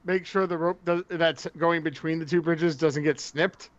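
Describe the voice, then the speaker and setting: A man playing a tabletop role-playing game, excitable and prone to stammering. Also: on the high side, moderate pace, no room sound, muffled recording. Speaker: player. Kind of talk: tabletop role-play chat.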